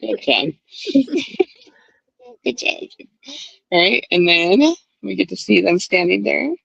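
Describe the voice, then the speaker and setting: A woman hosting a casual book club podcast, talking in an animated way and swearing freely, heard over a dull, lo-fi call. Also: mid-range voice, slow, creaky, husky, no echo. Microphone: video call.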